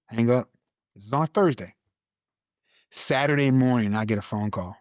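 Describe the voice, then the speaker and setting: A man telling a personal faith testimony in a casual conversation, animated, repeating words, and acting out his own past lines. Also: medium pitch, moderate pace, no echo, clean studio sound. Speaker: guest, Army veteran.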